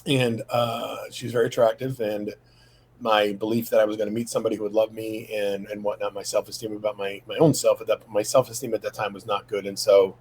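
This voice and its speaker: A man's voice: on the low side, little pitch movement, fairly quick, a little mellow, a little hiss or hum, rough recording. Rambling middle-aged man telling his story. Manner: rambling, many fillers, acts out quoted dialogue. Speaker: guest sharing testimony. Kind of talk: casual personal storytelling. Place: his home office.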